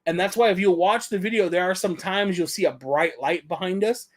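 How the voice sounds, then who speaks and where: A man's voice: sits high, brisk. A man co-hosting a casual live-stream chat, laid-back and slangy. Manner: laid-back, says "dude" and "dope". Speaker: podcast co-host.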